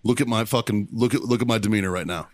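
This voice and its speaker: A man co-hosting a podcast, telling a profane story in a casual, animated way and acting out the shouting in it. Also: lowish voice, fast talker. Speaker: podcast co-host.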